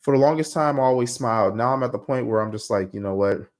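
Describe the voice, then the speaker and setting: A young man hosting a podcast, talking casually and telling stories in a slangy, animated way. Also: mid-range voice, quick pace. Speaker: podcast host. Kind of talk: casual monologue.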